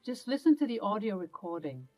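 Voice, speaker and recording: A woman's voice: medium pitch, big pitch swings, brisk, warm tone, soft background music, close to an everyday voice, rough recording. A woman voicing a kind, protective older grandmotherly woman who soothes and reassures in a motherly way. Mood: tender.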